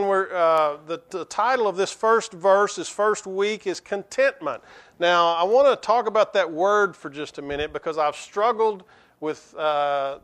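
A pastor gives a sermon in a high, light voice. He often stops and restarts his sentences, and he slows to a measured pace when he reads scripture aloud. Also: fairly bright tone, clean tone. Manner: halting, with frequent restarts and fillers.

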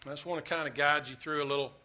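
A man preaching a sermon as pastor, telling a story earnestly, swelling loud and dropping quiet. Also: on the high side, fairly even intonation, racing. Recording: dull lo-fi recording.

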